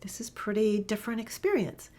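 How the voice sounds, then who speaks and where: A woman's voice: medium pitch, expressive, fairly quick, darkish tone, lightly acted. A woman voicing chatty grazing female cows who are surprised a human greets them, in her own light voice.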